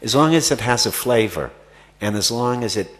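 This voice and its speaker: A man's voice: mid-range voice, animated, moderate pace, fairly bright tone. A man answering audience questions about acting at a festival Q&A, rambling with many fillers and restarts. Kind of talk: festival Q&A conversation.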